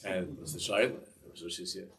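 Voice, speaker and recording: A man with a very low voice tells a Hasidic tale to a class. He rambles and keeps restarting his sentences, and he sits well back from a distant mic. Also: fairly even intonation, a bit bright, a little hiss or hum. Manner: rambling, halting, with many restarts and asides. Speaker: Torah teacher. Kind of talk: telling a Hasidic story in a class.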